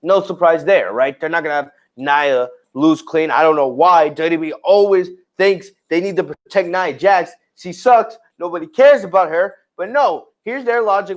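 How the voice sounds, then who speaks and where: A man with a fairly high voice hosts his own podcast and reviews last night's show in a loose, ranting way. He sounds exasperated and circles back on the same phrases. His speech is full of fillers and restarts. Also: moderate pace, hardly any pauses. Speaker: podcast host reviewing wrestling.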